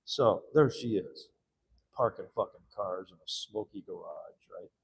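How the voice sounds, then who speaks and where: A man's voice: lowish voice, measured pace, breathy edge. A man in casual talk, ranting and telling a story with lots of swearing, acting out what others would say. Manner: profane, storytelling, acts out quoted voices. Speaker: citizen activist. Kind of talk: casual animated rant.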